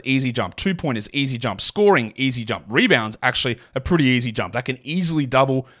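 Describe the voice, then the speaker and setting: A mid-pitched man from Australia with a mild Australian accent, hosting a solo sports podcast. He rattles off statistics quickly and breaks them up with casual asides. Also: a bit bright. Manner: rapid stat-heavy delivery with asides. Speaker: fantasy basketball podcast host.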